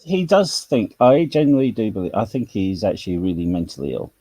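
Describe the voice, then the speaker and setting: A man talks bluntly and jokes in a casual online chat, sitting low in his register. His tone is dark and relaxed, and the sound is dry, with no room around it. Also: fairly quick, husky, no echo, poor audio. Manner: blunt, jokey, slips into Cockney slang. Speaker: YouTube channel host.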